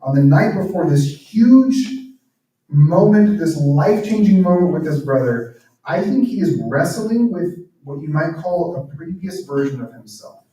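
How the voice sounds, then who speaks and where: A man with a mellow, slightly high voice gives an earnest, reflective church talk and sometimes sinks to a near-whisper. He sounds far from the microphone. Heavy echo fills the hall around him. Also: lively intonation, measured pace. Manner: earnest, drops to near-whispers on emotional points. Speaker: guest speaker and author. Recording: very echoey room, speaker far from mic.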